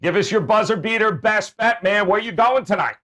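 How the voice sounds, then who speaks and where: A man's voice: high voice, a little fast, pushed and bright. A man hosting a sports betting show, joking and hyping up his panel with playful banter. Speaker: host.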